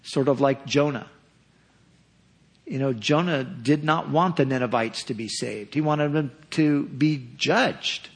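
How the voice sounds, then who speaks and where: A man preaching a sermon, earnest and measured, repeating phrases for emphasis. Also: mid-range voice, gravelly, slightly rough. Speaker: pastor.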